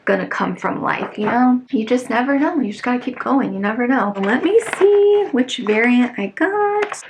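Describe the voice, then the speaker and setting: A woman, chatting casually through an unboxing video, excitable and full of fillers. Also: fairly high pitch, moderate pace, noisy background. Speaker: vlogger.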